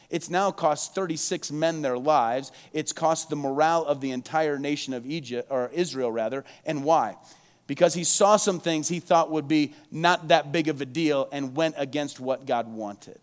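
A man's voice: a little high, moderate pace. A male pastor preaching a sermon, acting out quoted prayers with dramatic rises in voice. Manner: dramatic, acts out quoted prayers with rising intensity.

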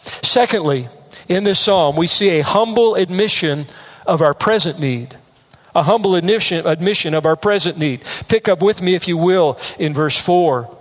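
A man's voice: high voice, moderate pace. A man preaching a sermon from the United States, earnest and emphatic, stressing key phrases through repetition. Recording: long hall reverb.

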